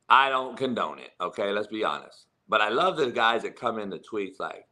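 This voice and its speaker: Middle-aged male sports-talk host, bright edge, blunt and foul-mouthed, laughs often. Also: lowish voice, sing-song, normal speed. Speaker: football coach and podcast host. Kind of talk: profane casual sports talk.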